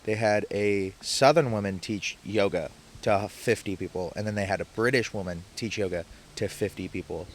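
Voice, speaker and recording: A young man co-hosting a podcast, chatting casually and retelling scenes with lively acted-out quotes. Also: lowish voice, normal speed, few pauses, a little hiss or hum. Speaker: podcast co-host. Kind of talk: casual chat.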